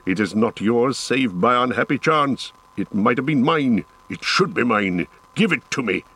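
A man's voice: medium pitch, a little slow. Boromir, a man voicing a fierce proud warrior. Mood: furious. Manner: impassioned, pleading then raging. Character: proud desperate grown male warrior, fierce. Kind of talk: audiobook character voice.

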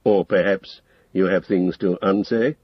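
A man voicing a calm, wary old male wizard in an audiobook, asking low, measured questions. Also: breathy edge, no echo. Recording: dull lo-fi audio, dry.

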